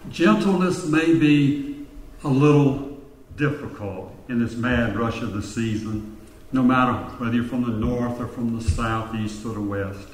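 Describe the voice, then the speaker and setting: A male pastor preaching a sermon, telling stories and slowing down to stress his points. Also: mid-range voice, a little hiss or hum. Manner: storytelling preacher, slowing for emphasis. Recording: echoey church hall with long reverb.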